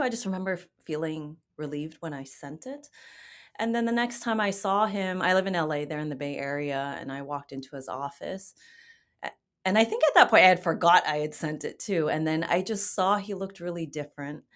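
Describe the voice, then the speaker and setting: A woman with a low voice talks openly in an interview. She tells her story in a candid, reflective, conversational way. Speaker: guest. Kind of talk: casual interview talk.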